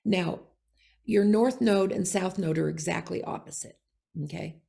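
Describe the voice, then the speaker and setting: A woman astrologer explaining in casual conversation, with a gravelly voice and frequent "you know" and "okay?". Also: on the low side, measured pace, warm tone.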